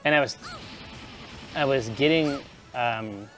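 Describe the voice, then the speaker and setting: A man's voice: mid-range voice, takes it slowly, fairly bright tone. A man chatting casually while streaming a game, telling rambling stories and laughing often. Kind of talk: casual chat over gameplay. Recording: faint game music behind.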